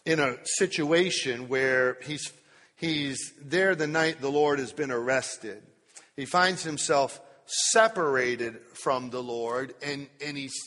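A man preaching a sermon at a church Bible study, stretching key words slowly for emphasis. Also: a little high, sharp tone. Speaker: pastor. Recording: long hall reverb.

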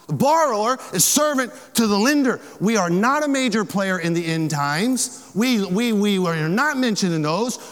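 A man's voice: high voice, a bit bright. A man preaching a sermon as a pastor, impassioned and repetitive, in a large hall. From Florida. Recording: long hall reverb.

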